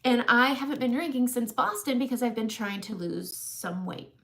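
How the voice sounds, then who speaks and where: Woman, 40s, gravelly voice, chatty storyteller, self-mocking, makeup live stream. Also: a little high, lively intonation, moderate pace. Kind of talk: casual storytelling chat.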